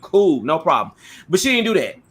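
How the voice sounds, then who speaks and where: A man telling a petty neighbor story in casual chat, animated and swearing freely, acting out what people said. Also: a little high, a little fast. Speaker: podcast co-host.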